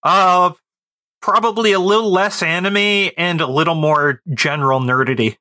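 A man guest on a casual podcast, talking in a relaxed, wry way. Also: sits high, normal speed, dry recording.

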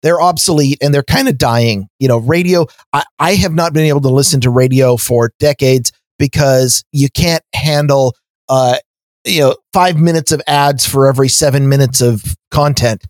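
A man's voice: mid-range voice, normal speed, dry recording. A man co-hosting a podcast, ranting in a casual chat with many fillers and restarts. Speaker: podcast co-host.

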